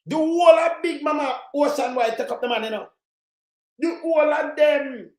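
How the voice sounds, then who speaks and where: A Jamaican man in heated live commentary, ranting and shouting in patois, circling back to the same complaints. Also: very high-pitched, normal speed, echoey room. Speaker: livestream commentator.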